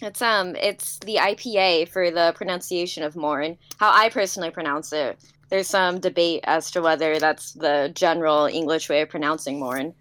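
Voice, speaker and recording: A woman's voice: low-pitched, moderate pace, a bit bright, no echo. A woman guest on a live stream, upbeat and friendly, giggling as she chats about her work. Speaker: guest game developer. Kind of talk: casual interview chat.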